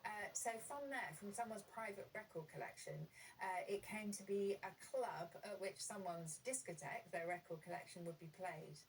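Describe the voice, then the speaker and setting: A woman's voice: medium pitch, moderate pace, far from the mic, a little hiss or hum, rough recording. A woman on a quiz show, explaining word origins with enthusiasm and plenty of ums.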